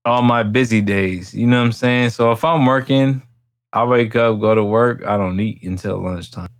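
A man's voice: fairly low pitch, moderate pace, no echo. A young man chatting casually on a podcast, laid-back and slangy, laughing often. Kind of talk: casual chat.

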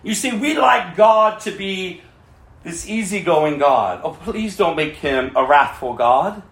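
Pastor, male, high voice, passionate sermon delivery in a roomy hall. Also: animated, unhurried. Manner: impassioned, swinging between cries and quiet pleading.

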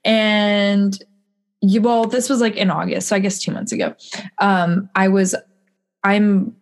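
A woman with a mid-pitched, ordinary voice chats on a podcast. She rambles casually, stopping and restarting her sentences as she goes. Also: steady tone, a little slow. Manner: rambling, full of fillers and restarts. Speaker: podcast co-host. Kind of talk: casual chat.

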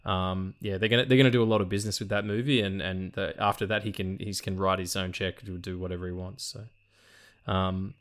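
A man's voice: low-pitched, steady tone, fairly quick, a bit bright, smooth. A man hosting a casual film podcast, rambling and joking with plenty of ums. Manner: rambling, jokey, lots of ums. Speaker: podcast host.

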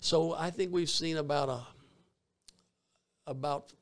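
A man's voice: fairly high pitch, steady tone, slow pace, no echo. A man with a Southern US accent, a minister telling stories in an interview in a rambling way, with frequent restarts. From Georgia, US. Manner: rambling, with many fillers and restarts. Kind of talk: storytelling in an interview.

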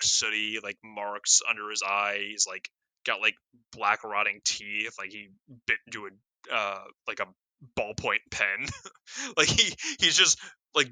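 Bright, dry-sounding man riffing on a movie. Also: on the low side, clean tone, no room sound. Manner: wry, stammering restarts. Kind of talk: casual movie review chat.

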